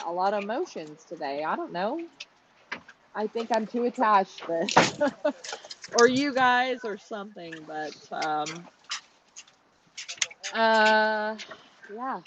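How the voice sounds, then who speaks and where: A woman hosting a live stream, candid and chatty, laughing often. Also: on the high side. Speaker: stream host. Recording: muffled audio with faint noise.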